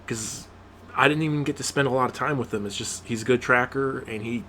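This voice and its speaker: Brief: a swearing gaming commentator in an exasperated review rant, with a bright, tense tone. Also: medium pitch, brisk, a little hiss or hum. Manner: exasperated, profane, ranting; frequent outbursts of rising disbelief.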